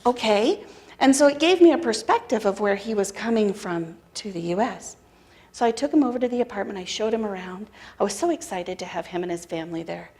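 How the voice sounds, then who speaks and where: A middle-aged American woman giving a spiritual talk, telling a story in a conversational, animated way and acting out the dialogue. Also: mid-range voice, brisk. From United States. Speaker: spiritual practitioner speaker. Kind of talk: sermon storytelling.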